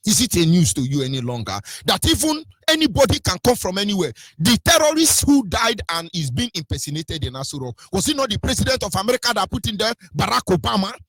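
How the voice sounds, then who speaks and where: A man's voice: on the high side, a bit bright, husky, dry recording. A man with a Nigerian accent giving an impassioned political monologue as a radio commentator, fiery and rhetorical, pressing the same questions again and again with biting sarcasm. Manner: sarcastic, mocking.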